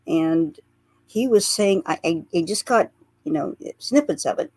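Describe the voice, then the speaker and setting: A woman with a lowish voice tells a long personal story as a radio guest. She speaks earnestly and laughs softly at the funnier memories. Her voice is close and dry on a studio mic. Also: expressive, unhurried, no room sound. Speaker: guest, psychic portrait artist. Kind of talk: recounting past-life memories in a radio interview.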